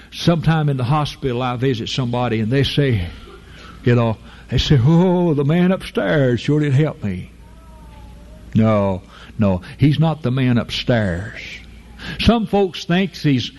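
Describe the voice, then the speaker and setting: A man preaching a fervent, folksy sermon, leaping to high emphatic peaks and slowing down to draw out key phrases. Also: darkish tone. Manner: fervent, with sudden jumps to a high emphatic pitch and drawn-out slow phrases; folksy, informal grammar, addresses listeners as folk.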